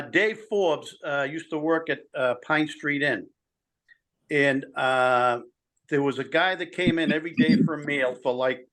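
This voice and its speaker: A man in a band tells a story on a video call, pausing often and filling gaps as he goes. His voice sits a little higher than typical. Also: a bit bright. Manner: hesitant, full of fillers. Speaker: band member, guest. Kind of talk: casual storytelling.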